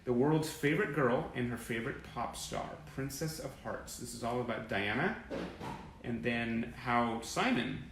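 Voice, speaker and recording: A man rambles eagerly on a fan livestream, reading old press clippings aloud and saying hello to viewers by name. His medium-pitched voice is creaky, with lively intonation and a moderate pace. The webcam or phone audio from a sunlit indoor room is echoey with background noise.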